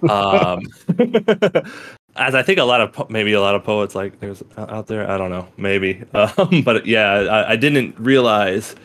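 A young man with a low-pitched voice talks loosely about poetry, circling back on himself, restarting sentences and dropping casual swears. He laughs as he goes and keeps a relaxed, unpolished conversational flow. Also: a little slow. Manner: rambling, profane, laughs often, many restarts. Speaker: podcast co-host.

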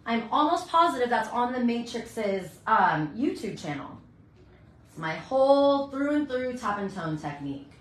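A woman's voice: a little high, big pitch swings, unhurried. Bubbly woman teaching hair coloring. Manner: bubbly, chatty, talks while working. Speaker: hairstylist educator. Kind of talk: live hair coloring tutorial. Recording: echoey room.

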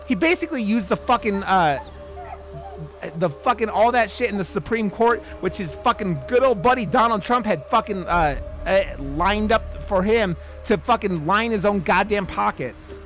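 Male streamer, high voice, furious swearing rant at chat, faint game music underneath. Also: animated, moderate pace, a bit bright. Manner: heavy swearing, restarts mid-sentence, addresses chat viewers. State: angry. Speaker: streamer playing a video game. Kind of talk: heated live-stream rant.

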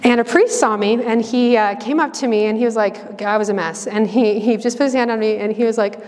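A religious sister giving an earnest, conversational personal talk, full of fillers and restarts. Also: female voice, on the high side, steady tone, a little fast, a little mellow, long reverb tail. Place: campus ministry hall.

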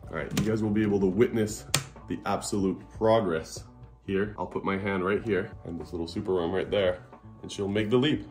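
A man's voice: low voice, fairly even intonation, a little fast, darkish tone. A man hosting a casual reptile vlog at home, upbeat and chatty, often tagging on "right?". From Canada. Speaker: reptile channel host. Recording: echoey room with guitar music.

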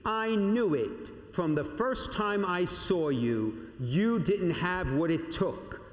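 A man acting out a harsh, curt wealthy businesswoman in a sermon, speaking slowly. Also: sits high, lively intonation. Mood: scornful. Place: church. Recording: echoey church with long reverb.

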